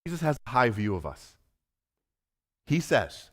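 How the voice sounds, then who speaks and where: A man preaching a sermon, acting out the voices of Jesus and Peter and moving between loud, urgent lines and soft, hushed ones. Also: mid-range voice, big pitch swings, unhurried, pauses often. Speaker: pastor.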